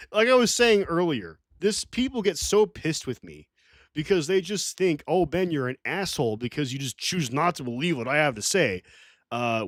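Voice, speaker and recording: A man's voice: mid-range voice, fairly bright tone, no room sound, studio quality. A man hosting a casual livestream, talking to his chat in a rambling, defensive way and swearing often. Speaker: livestream host.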